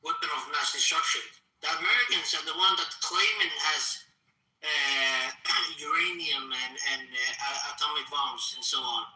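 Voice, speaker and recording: Halting male caller, distant and echoey. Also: a little high, pushed and bright. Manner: halting, many restarts, clears throat. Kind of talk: debating the host.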